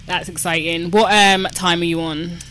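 A woman's voice: fairly low pitch, steady tone, moderate pace, fairly bright tone, a little hiss or hum. A woman hosting a casual podcast interview, chatty, playful and encouraging. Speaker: podcast host.

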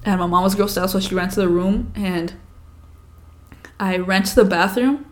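A young woman co-hosting a podcast, telling childhood stories in a casual, profane, animated way. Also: mid-range voice, moderate pace. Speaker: podcast co-host. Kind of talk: casual storytelling chat.

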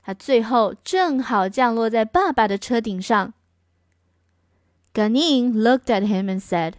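A woman storyteller reading a picture book aloud in a gentle, expressive way. She speaks slowly and with plenty of lift in her pitch. The sound is close and dry. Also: dry recording.

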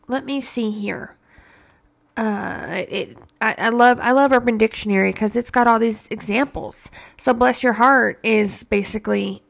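A woman's voice: a little high, normal speed, creaky. A woman hosting a casual solo podcast, profane and sarcastic, drawing out mocking quotes. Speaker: podcast host.

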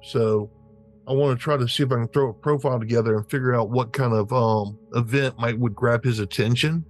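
A man playing a tabletop game, talking in loose, rambling phrases filled with ums and likes. His pitch is average for a man. Faint music plays in the background. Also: fairly even intonation, a little fast. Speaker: player.

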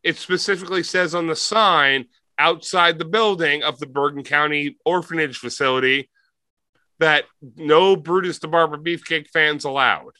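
A man's voice: a little high, normal speed, pushed and bright. A man voicing a formal, patient male orphanage clerk who keeps calling the caller sir. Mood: polite firm.

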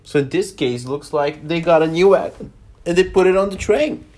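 A man's voice: on the high side, normal speed, darkish tone. A man reading a novel aloud, often stopping to comment and restate what he just read. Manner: stops to comment and restates lines.

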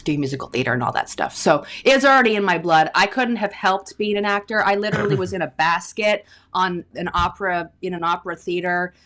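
Canadian actress chatting on a podcast, kinda low voice, lots of ums and laughs. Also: female voice, a little fast, few pauses, a bit bright. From British Columbia, Canada. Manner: chatty, laughs often, restarts with fillers. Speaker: guest actor. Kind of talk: casual interview chat.

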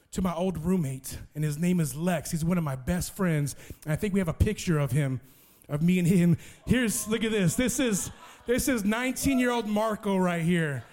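A man with a notably high voice for a man delivers a sermon testimony. He tells it as a lively story, often repeating words as he restarts a thought. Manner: lively storyteller who acts out other people's voices. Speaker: preacher sharing a testimony.

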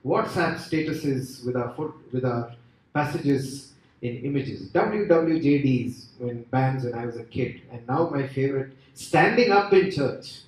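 A man preaching a sermon with an expressive, rising and falling delivery and many rhetorical questions. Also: mid-range voice, measured pace. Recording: echoey hall from far off.

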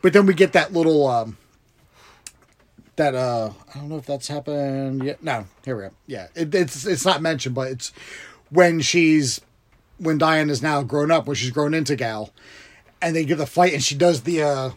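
A man with a fairly high voice co-hosts a loose movie review podcast. He rambles through the plot, keeps saying "you know" and "it's like," and slips into quick little voices for the characters. He laughs easily as he talks. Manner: rambling, acts out scenes in quoted voices, laughs often. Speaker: podcast co-host. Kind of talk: casual movie review chat.

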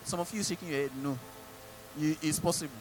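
A man's voice: on the high side, fast, noisy background. A male pastor with a Nigerian English accent preaching a sermon, mimicking people and asking the congregation rhetorical questions.

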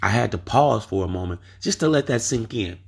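Man, podcast host, casual storytelling, emphatic, slightly raspy voice. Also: fairly low pitch, expressive, fairly quick, a little mellow. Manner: emphatic, asks rhetorical questions.

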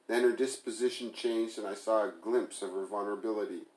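Male audiobook narrator, measured; low-pitched, roomy echo. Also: fairly even intonation, darkish tone. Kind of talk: first-person novel reading.

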